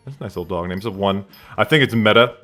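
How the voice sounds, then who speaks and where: A man's voice: on the low side, rapid-fire, pushed and bright, soft background music. A man streaming a game live from his room at home, rambling casually and answering chat questions aloud.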